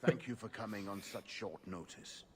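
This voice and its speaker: An actor voicing a determined male investigator who speaks in a measured, formal way. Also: lowish voice, natural voice. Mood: earnest.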